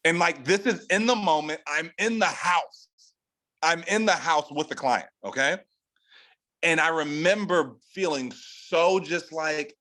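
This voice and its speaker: A man's voice: measured pace, rough recording. A man from California hosts a team training call and delivers a laid-back motivational talk. He speaks loosely and profanely, full of filler slang, and his voice climbs sharply whenever he drives a point home. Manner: animated, rising pitch for emphasis. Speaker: sales team leader hosting a training call. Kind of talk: casual motivational pep talk.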